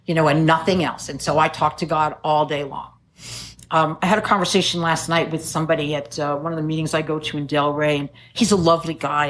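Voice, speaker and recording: Low-voiced New woman sharing testimony. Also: a little hiss or hum. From New York. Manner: earnest, conversational, laughs at herself. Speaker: recovery meeting speaker. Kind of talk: personal testimony talk. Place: meeting room.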